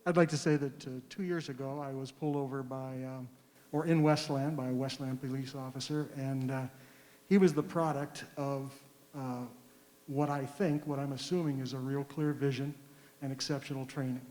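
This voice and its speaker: A man giving public comment at a community session, earnest and deliberate, with frequent fillers. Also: medium pitch, steady tone, darkish tone, echoey room, big-room sound. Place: large school hall.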